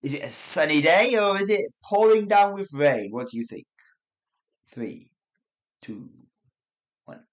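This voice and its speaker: A man hosts a podcast lesson on English. His voice rises and falls with expressive pitch as he acts out the example phrases and chuckles between points. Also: a little slow, pauses often. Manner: lively, demonstrates tones with acted examples, chuckles often.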